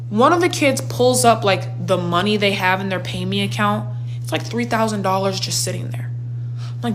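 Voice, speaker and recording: A woman in her twenties telling a storytime in a slangy, animated way with big reactions. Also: medium pitch, moderate pace, slight background noise. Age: 20s. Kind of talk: storytime vlog.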